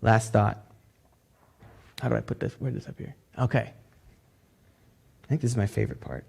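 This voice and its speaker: A man's voice: on the low side, normal speed, gravelly, a little mellow, breathy edge. A man pastor preaching a sermon in a loose, conversational way, dropping casual fillers.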